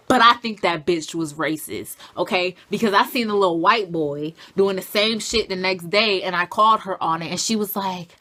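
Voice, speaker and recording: A young woman telling a storytime vlog in an animated, profane, emphatic way. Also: lowish voice, moderate pace, few pauses. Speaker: vlogger.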